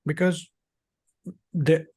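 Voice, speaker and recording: Male podcast host, measured advising delivery with some hesitations, voice a bit high. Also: level tone, a little mellow, slightly rough. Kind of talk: casual chat.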